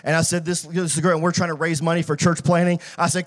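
A middle-aged man pastor preaching a sermon, telling a story and rising to shouted praise. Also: on the high side, flat delivery, quick pace, hardly any pauses.

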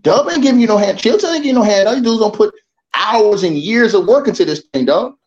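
High-voiced man roasting on a panel. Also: animated, quick pace, highs cut off. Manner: loud teasing, roasting others. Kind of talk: trash-talking debate banter.

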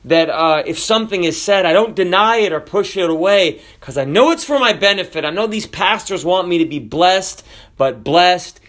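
A pastor from the United States delivers a sermon in a fairly high male voice. He reads scripture aloud and swings his pitch up sharply for emphasis, then slows down on the phrases he wants to land. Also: expressive, fairly bright tone. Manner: varies pitch and pace widely, rising for emphasis and slowing on key phrases.

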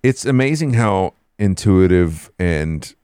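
A young man co-hosting a casual chat, relaxed and jokey, sometimes mimicking voices for laughs. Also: low voice, slow pace, clear, resonant tone, no room sound, studio quality. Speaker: podcast co-host.

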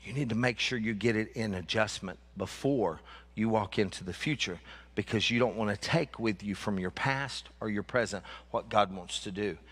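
Lively, animated male preacher. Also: mid-range voice. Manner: animated, joking, repeats lines for emphasis. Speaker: pastor. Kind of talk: sermon.

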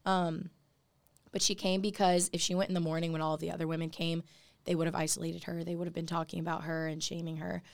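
A young woman talks earnestly on a podcast, leaning on "like" as she goes. Her voice sits a little low with a gravelly fry. The sound is dry and close. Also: flat delivery, fast talker, dry recording. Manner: earnest, many "like" fillers. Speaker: podcast co-host. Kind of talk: casual faith podcast chat.

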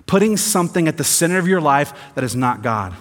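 A man from the American South, preaching a sermon that swings between quiet emphasis and rising intensity, with sarcastic asides. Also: a little high, very animated, brisk. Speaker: pastor. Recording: long hall reverb.

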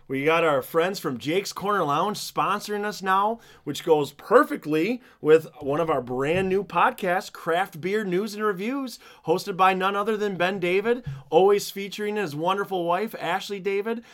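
A man's voice: high voice, a bit bright. Upbeat man co-hosting a podcast. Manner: upbeat, plugs and promos with many fillers. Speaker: podcast co-host. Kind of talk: casual podcast chat.

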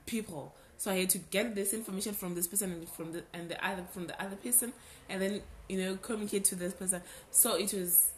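A young adult woman hosting a podcast, telling a personal story in a casual, animated way and repeating words for emphasis. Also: lowish voice, a little hiss or hum. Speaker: podcast host.

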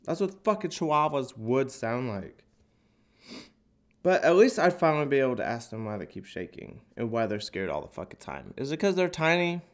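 A man with a stuffy, nasal voice from a cold tells a crude, sarcastic stand-up bit. His pitch swoops widely as he talks. He records in an echoey open office. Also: sing-song, moderate pace. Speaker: podcast host and stand-up comic.

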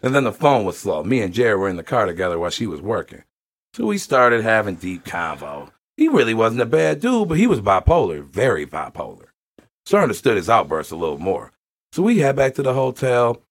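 A man hosting a casual show, reading a story aloud with lively, profane delivery and frequent laughter. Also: lowish voice, a little fast. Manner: animated, laughs often, acts out quotes; profane, slangy.

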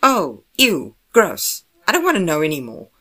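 A keyed-up younger brother calling about a job, as a woman narrator puts him on. He talks fast and loud, his pitch climbing above the narrator's usual low voice. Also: fairly even intonation. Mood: urgent. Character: younger brother on the phone, urgent, man.

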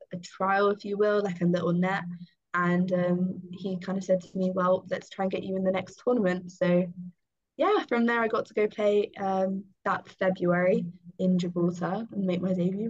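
A young woman from England, a guest cricketer, telling a long story in a chatty, casual way with lots of ums and small laughs. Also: medium pitch. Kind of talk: casual interview chat. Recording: dull lo-fi sound.

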